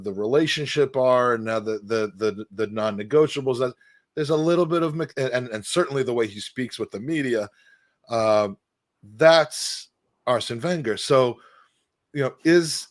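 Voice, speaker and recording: A man hosting a podcast, talking in a rambling, hesitant, self-deprecating way. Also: mid-range voice. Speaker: podcast host. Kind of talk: casual podcast chat.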